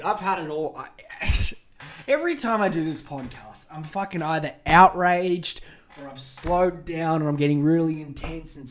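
A podcast host, ranting alone into the mic, sarcastic, swearing, and exasperated. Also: mid-range voice. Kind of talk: solo podcast rant.

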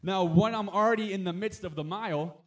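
A high-pitched male pastor speaks a little fast through his sermon. He keeps it conversational, with frequent amens and asides, then rises to emphatic exhortation.

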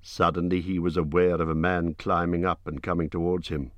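A man reading an audiobook in a slow, measured narration. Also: low-pitched, level tone, dry recording.

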